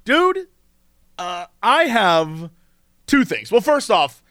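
Casting: high-pitched excitable guy, rambling podcast co-host, dry mic. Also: slow pace, dry recording. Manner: excitable, rambling, laughs often. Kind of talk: casual chat.

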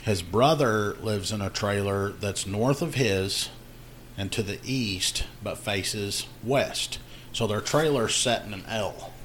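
Male co-host, casual storyteller, animated when quoting people. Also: on the low side, slow pace, slight background noise. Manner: animated storyteller, acts out quoted voices. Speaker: podcast co-host telling a work story.

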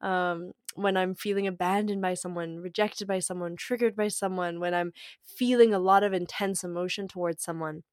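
A woman's voice: on the low side, fairly even intonation, normal speed, clear, resonant tone, no room sound, clean studio sound. A woman talking casually about spirituality, playful and irreverent, swearing freely and laughing often.

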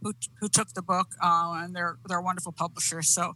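An older woman, a guest author on a podcast, talking bluntly and teasing with a quick laugh. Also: fairly low pitch, steady tone, noisy background. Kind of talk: casual interview chat.

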